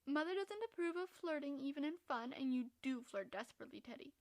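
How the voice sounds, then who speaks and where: A woman voicing a frank, spirited young woman who scolds in a brisk, reproving way. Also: sits high, expressive.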